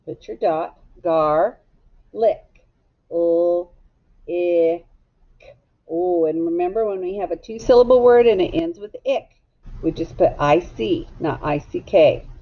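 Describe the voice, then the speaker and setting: A middle-aged woman teacher giving a slow, patient phonics lesson, sounding out word parts step by step. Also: fairly low pitch, muffled recording. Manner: slow, patient, drawn-out instruction.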